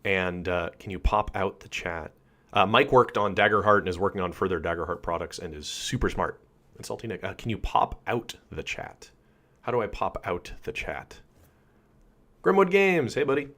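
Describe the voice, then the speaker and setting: A man hosts a relaxed live stream, talking loosely and greeting viewers in the chat by name. His voice sits a bit low and is still a little rough. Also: moderate pace. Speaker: channel host.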